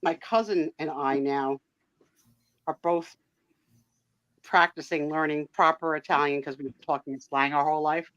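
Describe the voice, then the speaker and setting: A woman's voice: sits low, steady tone, moderate pace, long pauses, fairly bright tone, no room sound. A woman hosting a live sale and chat, telling stories in a chatty way and laughing often. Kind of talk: casual chat. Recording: dull, dry lo-fi sound.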